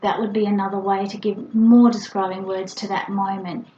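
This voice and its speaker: A woman's voice: medium pitch, level tone, moderate pace, few pauses, dark tone, a little hiss or hum. A middle-aged woman, a speech pathologist, patiently explaining to parents and breaking into exaggerated, playful sound demonstrations. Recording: roomy, slightly dull with faint ambience.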